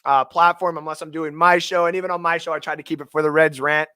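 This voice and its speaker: A profane, heated man hosting a fantasy football talk stream, his voice sitting a bit high for a man. He flips between angry rants and quick start-or-sit advice, with the sound close and dry. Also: fairly even intonation, bright, forceful tone, clear, resonant tone, no echo. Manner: profane, emotional ranting. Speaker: fantasy football show host. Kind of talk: live sports talk stream.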